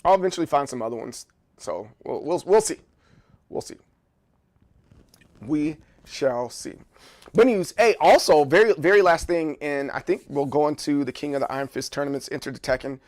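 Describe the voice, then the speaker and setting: Animated, rambling man streaming live. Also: fairly high pitch, moderate pace. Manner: rambling, repeats words often; joking, playful. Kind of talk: casual live-stream chat.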